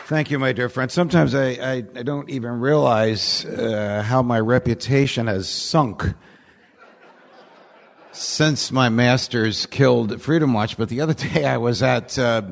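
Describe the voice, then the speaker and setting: A man is a guest speaker at a podium microphone in a large conference hall, delivering a lecture of humorous anecdotes as a wry storyteller who laughs at his own jokes. His mid-range voice is gravelly and a little slow, the hall reverberant with a faint crowd.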